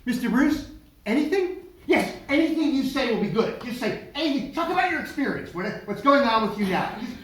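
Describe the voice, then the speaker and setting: A man's voice: very high voice, big pitch swings, fairly quick, fairly bright tone, recorded from a distance, pitched above the performer's own voice, heavily acted. A man playing an encouraging casting director who coaxes someone to speak. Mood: coaxing. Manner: coaxing and encouraging. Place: small theater stage. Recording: echoey room.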